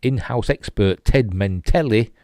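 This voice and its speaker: A man's voice: on the low side, unhurried, warm tone, no echo. Yorkshire man reading geek news. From Yorkshire, England. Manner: dry jokey asides, chuckles.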